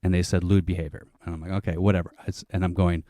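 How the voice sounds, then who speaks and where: A man telling a long comic story on a panel show, animated and swearing, acting out other people's lines. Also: deep voice, fast talker, no echo, studio quality.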